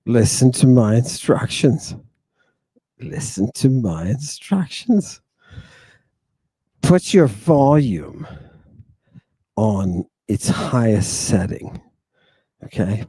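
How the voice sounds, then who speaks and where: A man hosts a livestream, chatting straight to his viewers with a theatrical flair and saying many lines twice. His voice is dark and mellow, and it sounds close and dry, with almost no room around it. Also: medium pitch, dry recording. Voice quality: repetitive, theatrical, addresses congregation. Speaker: livestream host. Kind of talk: casual livestream talk to viewers. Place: outdoors in the wind.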